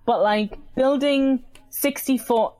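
A woman's voice: high-pitched, takes it slowly. A young woman telling a story in casual chat, acting out what others said. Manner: animated storytelling, acts out quoted voices.

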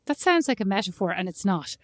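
A woman in her thirties, from Ireland, co-hosting a podcast and chatting casually, telling animated stories. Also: mid-range voice, brisk, no echo, clean studio sound. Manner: animated storytelling, acts out her child's lines. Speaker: podcast co-host. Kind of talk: casual chat.

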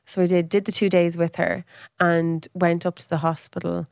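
A woman in an easy, chatty storytelling manner. Her voice sits on the lower side, recorded close and dry. She acts out quoted speech, leaping up in pitch for other people's lines. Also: flat delivery, normal speed, gravelly, a little mellow, no echo. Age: 30s. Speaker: podcast guest. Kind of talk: casual storytelling.

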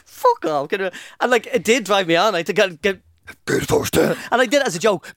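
A man's voice: high voice, animated, fast, fairly bright tone, no echo, clean studio sound. An older man co-hosting a podcast, joking and self-mocking in casual chat. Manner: jokey, self-mocking, rambling asides. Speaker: podcast co-host.

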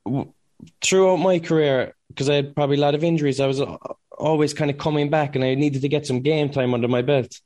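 A man co-hosts a podcast and talks about football in a plain, conversational way. His voice sits a little higher than most men's. He reasons aloud from his own playing career. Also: fairly even intonation, quick pace, a little mellow. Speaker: podcast co-host, former footballer. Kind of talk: casual chat.

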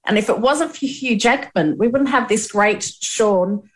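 A woman's voice: a little high, a little slow. A woman interviewing a guest, eager and gushing in her questions.

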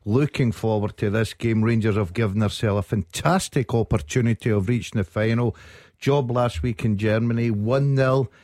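A man's voice: on the low side, normal speed, a little mellow, no echo, studio quality. A man giving enthusiastic football punditry on the radio. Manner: enthusiastic, chatty.

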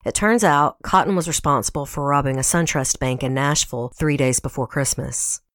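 A woman from Tennessee with a Southern American accent, a guest podcast host reading a scripted true-crime story in a measured storytelling way. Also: a bass voice, a bit bright, no echo, studio quality. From Tennessee, USA.

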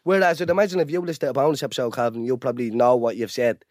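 A man's voice: mid-range voice, steady tone, very fast, no echo, studio quality. A young Irish man co-hosting a podcast, telling rambling stories in casual banter, laughing often and calling his friends "boys". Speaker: podcast co-host.

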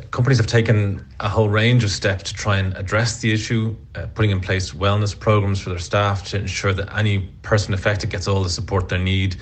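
Male spokesperson, lowish voice, formal and measured. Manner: measured, official. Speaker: industry spokesperson. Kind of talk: formal statement.

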